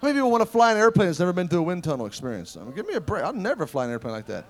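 A middle-aged man preaching at a revival service, telling personal stories in an animated way that swings from loud, ringing lines to hushed ones. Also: sits high, rapid-fire.

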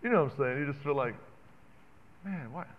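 A man preaching a sermon in an animated, conversational way, calling out to the congregation. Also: medium pitch, very fast. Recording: dull sound with long reverb in a hall.

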